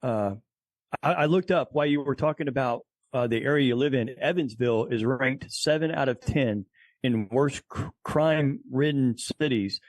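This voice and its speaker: A man co-hosting a podcast, speaking in a measured way and quoting scripture in casual chat. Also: mid-range voice, dry recording. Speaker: podcast co-host.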